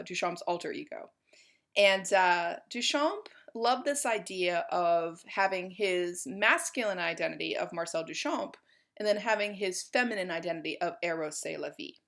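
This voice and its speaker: A woman's voice: fairly low pitch, a bit bright. A woman giving a college art history lecture in a chatty, informal way, with many fillers.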